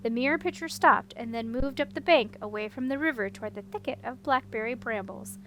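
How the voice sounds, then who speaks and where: A woman narrating a fantasy children's novel as an audiobook reader, steady and even. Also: fairly high pitch, a little fast, a little hiss or hum, low-quality recording. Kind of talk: storybook narration.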